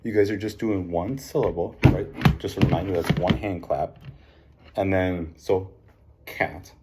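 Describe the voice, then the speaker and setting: A man teaching a phonics lesson, encouraging the class and slowly sounding out letters, with frequent ums and likes. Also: sits low, steady tone, very noisy. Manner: frequent fillers like um and like.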